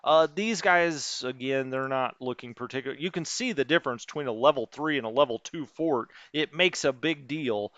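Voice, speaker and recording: A man's voice: mid-range voice, normal speed, hardly any pauses, a bit bright, dry recording, highs cut off. A man streaming a strategy wargame, muttering through unit numbers and chatting with his live chat. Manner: thinks aloud, muttering over unit numbers.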